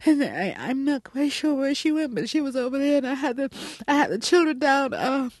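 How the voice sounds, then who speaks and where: A woman doing a high whiny crime victim. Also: expressive, a little fast, dry recording, clean studio sound. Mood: flustered. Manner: flustered, trailing off, searching. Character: frightened helpless female crime victim.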